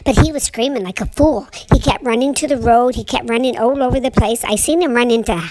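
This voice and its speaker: A woman's voice: on the high side, brisk, darkish tone, natural voice, rough recording. A woman voicing her young male boxer dog, telling a rambling homespun story with stammered restarts. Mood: storytelling. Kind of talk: pet voice-over monologue.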